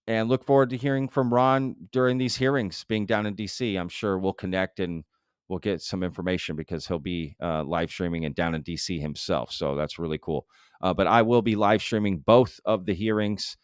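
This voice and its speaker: A man with a very low, smooth and resonant voice chats casually on a live stream. He talks loosely, with plenty of fillers. The sound is close and dry. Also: no echo. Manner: loose and conversational, full of fillers. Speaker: show host. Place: home live-stream setup.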